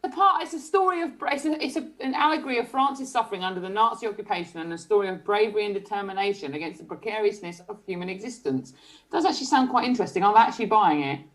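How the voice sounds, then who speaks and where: Quick, earnest woman. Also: medium pitch, lively intonation, rough recording. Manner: earnest, bookish. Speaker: podcast panelist. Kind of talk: casual panel chat.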